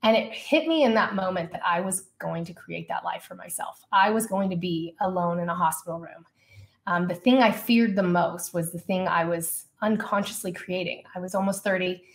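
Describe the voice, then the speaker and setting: A woman guest on a podcast, telling a personal story in a casual, lively way, full of "like" and "you know.". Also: on the low side, moderate pace, vocal fry. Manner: lively personal storytelling, acts out her own past dialogue; casual, frequent fillers such as "like" and "you know". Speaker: podcast guest, leadership coach.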